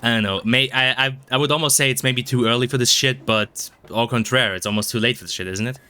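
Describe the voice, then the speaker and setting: A man's voice: mid-range voice, fast talker, bright, forceful tone, clean tone. A man streaming a video game, chatting in a rambling, self-mocking way, swearing a lot and stumbling over his words. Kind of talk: casual gameplay commentary. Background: game music.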